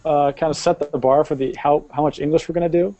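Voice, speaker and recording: A man with a fairly high but mellow voice shares experiences in casual chat. He hesitates often, filling pauses as he goes. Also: fairly even intonation, dull audio. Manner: hesitant, many fillers like um and uh. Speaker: podcast co-host.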